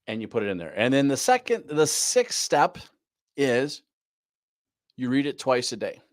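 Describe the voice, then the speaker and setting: A man's voice: medium pitch, sing-song, moderate pace, dry recording, studio quality. A man teaching a live online class on goal planning, repeating his key points and often asking "right?". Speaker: business coach.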